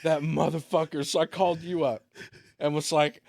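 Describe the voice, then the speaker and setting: A man's voice: fairly high pitch, level tone, normal speed, vocal fry, a little mellow, no room sound. A man who is a guest on a casual podcast, telling stories in a laid-back way and swearing a lot. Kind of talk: casual chat, storytelling.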